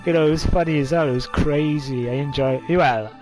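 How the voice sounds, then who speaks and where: A man's voice: a little high, fairly quick, darkish tone, soft background music. A man of twenty-five, telling a story casually to camera with lots of fillers. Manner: rambling, many fillers, coughs and laughs.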